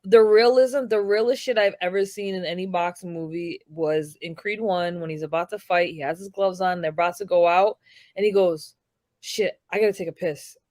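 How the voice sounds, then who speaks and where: A woman's voice: fairly low pitch, fairly even intonation, moderate pace, a little mellow, no room sound, studio quality. A woman with a Rhode Island accent, a boxer and actor talking bluntly in a casual interview. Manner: blunt and salty, curses freely. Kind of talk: casual chat.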